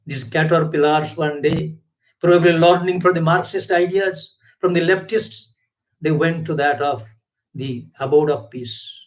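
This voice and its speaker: A man delivers a spiritual sermon in a fairly high voice. He presses his points by repeating phrases and posing rhetorical questions. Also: fairly even intonation, a little slow, poor audio. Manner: emphatic, repetitive, rhetorical questions. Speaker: spiritual teacher.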